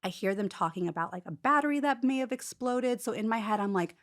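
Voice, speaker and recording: A woman telling her own story as an interview guest in casual, animated talk, peppered with "like" and quick restarts. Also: mid-range voice. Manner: rapid, animated retelling full of "like" fillers and restarts.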